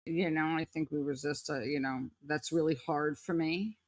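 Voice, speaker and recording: A woman's voice: sits low, fairly even intonation, normal speed, no echo. Woman cohost, thoughtful and hedgy, dry close mic. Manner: thoughtful, hedging with "like" and "kind of". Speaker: podcast co-host. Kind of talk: casual reflective chat.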